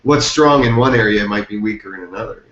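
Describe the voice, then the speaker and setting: A man's voice: lowish voice, fast talker, fairly bright tone. Man, host, casual chat, roomy echo, dull lo-fi call audio. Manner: loose, laughing, thinks aloud with fillers.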